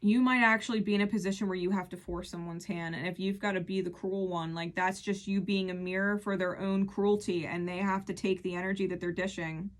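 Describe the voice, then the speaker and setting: A woman's voice: mid-range voice, steady tone, brisk, few pauses. A woman giving an earnest, emphatic tarot reading who repeats key phrases as she pulls cards. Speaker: tarot reader.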